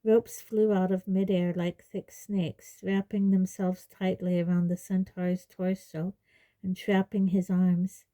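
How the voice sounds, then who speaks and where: A woman reading a fantasy novel aloud in a measured audiobook narration. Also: lowish voice, flat delivery, warm tone, rough recording. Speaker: reader.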